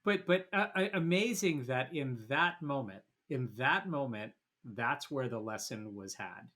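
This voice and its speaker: A man's voice: mid-range voice, expressive, unhurried, a bit bright. A male podcast host asking a guest questions in an interview, thinking aloud and restarting as he builds each question. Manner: thoughtful, circling and restarting while he builds a question.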